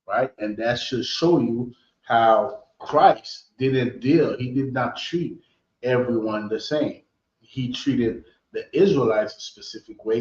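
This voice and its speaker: A man's voice: medium pitch, darkish tone. A man teaching a scripture history class in an emphatic preaching style, checking in with his listeners as he reads and explains. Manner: emphatic, checks in with "right?" often. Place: meeting hall. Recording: roomy, dull lo-fi recording.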